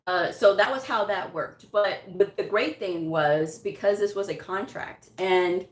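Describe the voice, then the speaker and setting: A woman's voice: medium pitch, unhurried. A woman telling a personal story in a casual, chatty way, laughing often and quoting what people said to her. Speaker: medical coding vlogger. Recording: echoey room.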